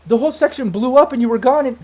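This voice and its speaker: Brief: man playing a frantic rebel woman, tearful, stammering, voice pushed up high. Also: very fast. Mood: sobbing disbelief. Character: distraught woman, scarred ex-girlfriend rebel leader.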